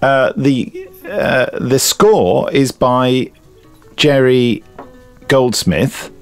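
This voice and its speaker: A man co-hosting a podcast, chatting casually and reading listener emails aloud in a lively, amused way. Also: mid-range voice, drawn-out words, faint music behind. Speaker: podcast co-host.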